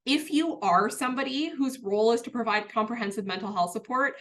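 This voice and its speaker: A woman's voice: fairly high pitch, a little fast, a bit bright. A woman presenting a workplace training webinar in an earnest, conversational way, with a touch of self-deprecating humour.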